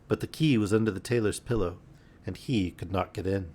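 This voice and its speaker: A man reading a storybook aloud in a gentle, unhurried bedtime manner on a live stream. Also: low-pitched.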